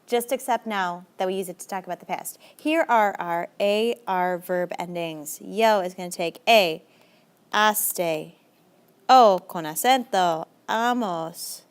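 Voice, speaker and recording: A young adult woman teaching a recorded language lesson in a brisk, chatty, encouraging way, with lively jumps in pitch. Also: clear, resonant tone. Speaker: Spanish teacher.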